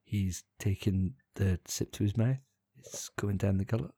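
A man's voice: fairly low pitch, a little slow, breathy edge. A man co-hosting a casual podcast, bantering and swearing while his friends take shots. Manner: banter-heavy, swearing, animated. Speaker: podcast co-host. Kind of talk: casual drinking-game chat.

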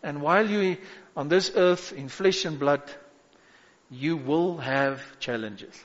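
Male pastor, sermon delivery, slow and deliberate, lo-fi hall recording. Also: fairly high pitch. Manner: preaching with rising exhortations and call-outs. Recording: echoey hall, dull lo-fi sound.

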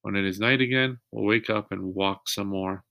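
A man's voice: lowish voice, fairly even intonation, normal speed, gravelly, dull audio. A man reading as a sensible storybook girl. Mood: practical. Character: practical, thoughtful older girl in a storybook.

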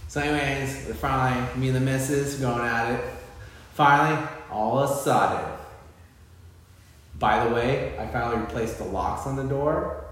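Animated storyteller guy. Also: medium pitch, normal speed, far from the mic. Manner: animated storytelling, mimics voices. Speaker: podcast co-host. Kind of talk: casual chat. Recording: echoey room.

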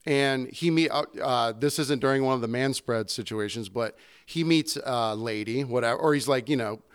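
A man's voice: mid-range voice, clean tone. A man who works as a bartender, telling stories in casual chat and swearing constantly. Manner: rambling storyteller, swears constantly. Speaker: bartender, podcast co-host.

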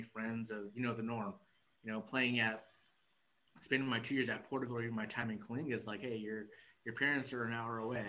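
A man's voice: mid-range voice, bright, forceful tone, slight background noise. Young man from the valley, laid back, rambles, laughs a lot, kinda muffled recording. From California, Central Valley. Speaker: podcast guest. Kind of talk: casual chat.

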